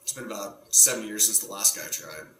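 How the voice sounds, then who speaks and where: A male stand-up comedian talks to camera in a bright, forceful voice, often cutting himself off and circling back to his point. The sound is roomy and echoey, and a faint hum runs under it. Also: fairly low pitch, quick pace. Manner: rambling, self-interrupting, provocative. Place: home setup in front of a green screen.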